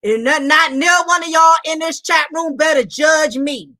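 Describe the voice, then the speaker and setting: A woman voicing a loud, furious single mother who shouts, curses and repeats herself while ranting defensively. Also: sits high, moderate pace. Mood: indignant. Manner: shouting, cursing, repetitive ranting. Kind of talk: comedic rant impression.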